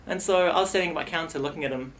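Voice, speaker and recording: A man's voice: on the high side, very fast, a little hiss or hum. Playful rambling young man vlogging. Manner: rambling, playful, animated retelling. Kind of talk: comic storytelling vlog.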